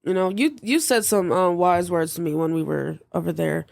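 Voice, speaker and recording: A woman's voice: on the low side, moderate pace, creaky, darkish tone, dry recording, studio quality. A young woman hosting a podcast, talking casually in a playful, slangy way. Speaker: podcast host.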